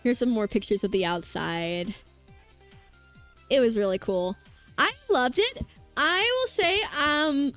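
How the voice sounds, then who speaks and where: A woman streamer chatting casually with her viewers, bubbly and rambling with lots of fillers. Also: high voice. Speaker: vtuber streamer. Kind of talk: casual chat with live chat. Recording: faint background music.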